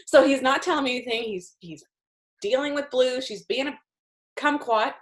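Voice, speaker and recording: A woman telling a ranch story in casual chat, animated and laughing often. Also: sits high, moderate pace.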